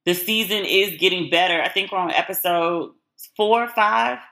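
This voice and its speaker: A woman's voice: lowish voice, normal speed, vocal fry, a bit bright. A woman hosting a podcast in a casual solo chat, frank and opinionated as she talks. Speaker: podcast host.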